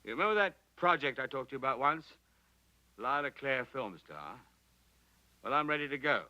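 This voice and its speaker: An actor playing a brash, boastful film director who jokes and laughs on the phone. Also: male voice, mid-range voice, lively intonation, moderate pace, sharp tone. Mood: bluff. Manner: boisterous, laughing, sarcastic.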